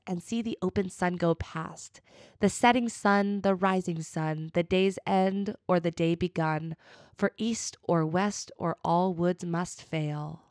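Tired hobbit lad, half-sung, slow, woman reader, quiet and close. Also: fairly low pitch, dry recording. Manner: slow, fading murmur. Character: weary young male hobbit singing softly. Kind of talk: reading a book passage aloud.

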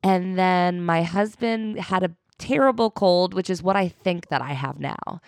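Raspy-voiced woman with a cold. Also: on the low side, measured pace, darkish tone, no echo, studio quality. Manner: playful, laughs often. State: hoarse from a cold. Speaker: podcast co-host. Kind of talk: casual chat. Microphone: studio mic.

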